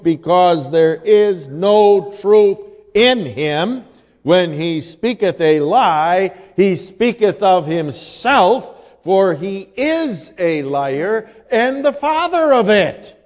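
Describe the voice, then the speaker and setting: A male preacher delivering a sermon in a deliberate, emphatic manner and quoting scripture in old-fashioned wording. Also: sits high, a little mellow. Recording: long hall reverb.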